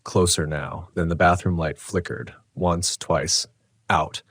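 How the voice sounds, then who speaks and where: Deep-voiced man narrating a horror story. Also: fairly even intonation, takes it slowly, a bit bright, slightly rough, dry recording, studio quality.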